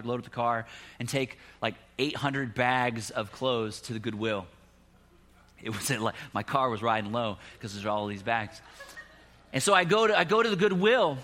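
A middle-aged male pastor with a bright, forceful tone delivers a sermon. He tells his story with animated bursts of loud emphasis, then eases into a quiet prayer. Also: mid-range voice.

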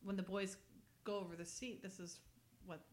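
A woman's voice: mid-range voice, level tone, normal speed, reverberant. A woman in casual chat, animatedly retelling a TV episode and acting out the characters' lines between laughs. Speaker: co-host recapping a TV episode.

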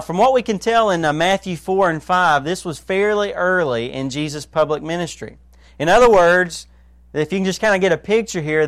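Pastor, man, high voice, dry close sound; earnest sermon, hushed to emphatic, asks the listeners questions. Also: dry recording.

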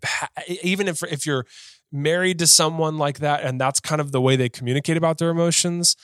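Earnest man with a fairly high voice. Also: fairly even intonation, fairly quick, fairly bright tone, clear, resonant tone, no room sound, studio quality. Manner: earnest, rambling, self-correcting. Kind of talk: casual conversation.

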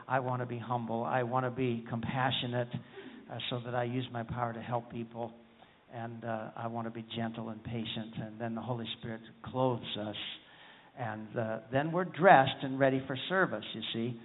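A man's voice: medium pitch, steady tone, moderate pace, big-room sound, a little hiss or hum. A man preaching a folksy, humorous sermon, often asking the congregation for an amen. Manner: folksy, humorous, calls for amens. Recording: tinny phone-like sound.

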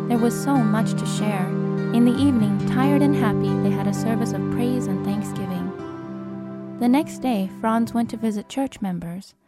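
A woman narrating an audiobook in a measured, expressive way. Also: fairly high pitch. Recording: narration over film score.

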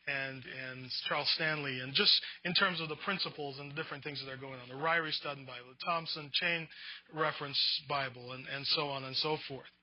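A man's voice: mid-range voice, fairly even intonation, fairly quick, dull audio. A man teaching a Bible class in a conversational lecture, reading definitions and often restarting his words.

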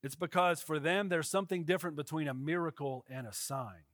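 A man's voice: a little high, fairly quick, fairly bright tone, no room sound, clean studio sound. A male pastor gives a casual, conversational sermon and often checks in with his listeners.

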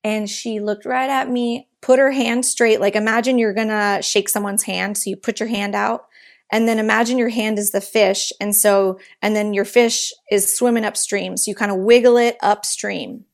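A woman speaking as a guest author on baby sign language, telling lively stories in a casual chat with a lot of "like". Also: medium pitch, normal speed, creaky. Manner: lively storyteller, chatty, says "like" often.

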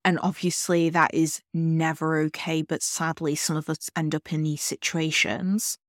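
A woman hosting a solo podcast, talking earnestly and directly to the listener in a calm way. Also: low-pitched, unhurried, no echo, clean studio sound. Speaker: podcast host.

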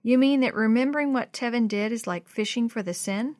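A woman voicing a thoughtful, sensitive young girl in a storybook, reading softly and earnestly. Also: a little high, a little fast, close to an everyday voice.

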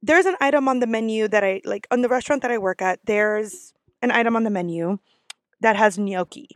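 A woman's voice: fairly high pitch, brisk, no room sound, clean studio sound. A woman who works as a restaurant server, ranting in a casual vlog, blunt and sassy with lots of swearing.

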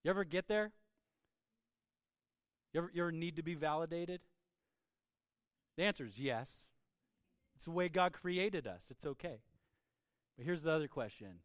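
A man preaches in an energetic, chatty way, repeating words and checking in with his listeners. His voice is clear and smooth, sitting a little high for a man, and the sound is close and dry. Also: normal speed, long pauses, dry recording. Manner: energetic, informal, repeats words, frequent "right?"; swings into quiet acted voices for quotes. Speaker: pastor. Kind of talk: conversational sermon.

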